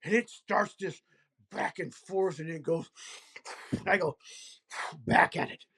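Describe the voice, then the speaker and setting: A man telling his own story as an interview guest, animated and emphatic, with pauses and fillers. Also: sits high, creaky, breathy edge. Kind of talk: first-person storytelling.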